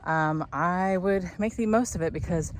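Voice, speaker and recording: A young woman vlogs while walking an outdoor hiking trail, chatting in an upbeat, rambling way and sounding slightly out of breath from carrying a load. Her voice is on the low side at a normal pace, with a little hiss or hum in the recording.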